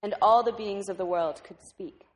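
A woman's voice: mid-range voice, moderate pace. A woman reading a picture book aloud to a congregation at a service. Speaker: reader at a service.

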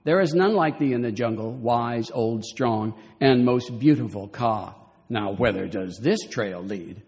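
A man's voice: medium pitch, a little slow, darkish tone, natural voice. A man reading a bold jungle boy. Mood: composed. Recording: long reverb of a hall.

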